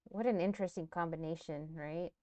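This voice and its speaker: A woman's voice: lowish voice, fairly quick, mellow, no room sound. A woman streamer giving casual, sarcastic commentary on news clips, swearing freely. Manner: blunt and profane, sarcastic asides.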